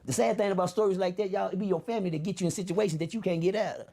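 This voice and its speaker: Storytelling stream host, man, quick and gravelly, raised higher voice, animated and profane. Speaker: livestream host telling stories to chat. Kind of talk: casual storytelling.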